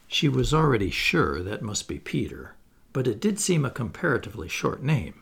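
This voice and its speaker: Expressive gravelly male storyteller. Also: medium pitch, moderate pace. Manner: lively, expressive read-aloud with playful asides. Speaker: audiobook reader. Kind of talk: storybook narration.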